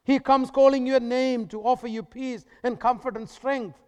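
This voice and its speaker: A man preaching a sermon as pastor, emphatic and repetitive with dramatic pauses. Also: very high-pitched, steady tone, clear, resonant tone, in a large hall.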